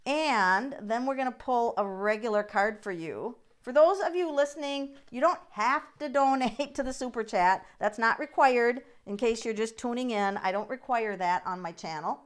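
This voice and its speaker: A woman's voice: fairly high pitch, expressive, moderate pace, hardly any pauses, clean tone. A middle-aged woman hosting a live tarot reading stream, chatting in an encouraging way and addressing viewers by name. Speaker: tarot reader and livestream host.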